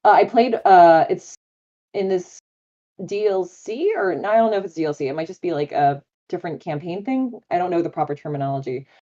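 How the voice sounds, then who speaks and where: A woman's voice: fairly low pitch, a little fast, warm tone, dull audio. A woman voice actor as a guest on a live interview chat, talking in a bubbly, enthusiastic way with many fillers.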